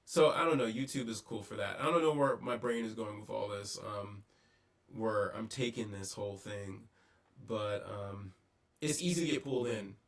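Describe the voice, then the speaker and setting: A man vlogging a casual, reflective monologue, pausing often with ums and restarts, recorded on a distant mic with poor audio. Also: on the low side. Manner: halting, many ums and restarts.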